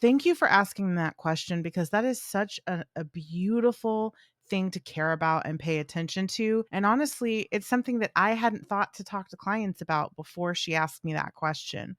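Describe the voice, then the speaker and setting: A woman's voice: mid-range voice, normal speed, dry recording, studio quality. A woman co-hosting a podcast about dogs, talking animatedly with lots of "like" and playful dog voices. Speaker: podcast co-host, dog trainer. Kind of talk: casual conversational chat.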